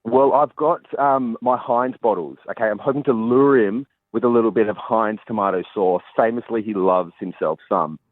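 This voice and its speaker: A man doing a jokey, deadpan report from the field on a radio show. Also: lowish voice, normal speed, hardly any pauses, dry recording. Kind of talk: comic live phone cross. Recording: tinny phone line.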